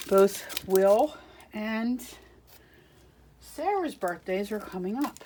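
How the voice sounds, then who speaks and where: A woman's voice: mid-range voice, slight background noise. A woman chatting casually through a crafting haul, chatty and self-deprecating, giggling at herself. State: out of breath.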